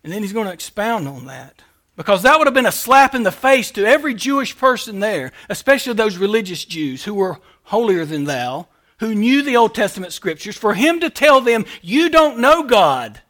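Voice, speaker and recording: A male pastor preaching a sermon, emphatic and repetitive, swinging between loud declarations and quiet asides. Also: high-pitched, very animated, a little fast.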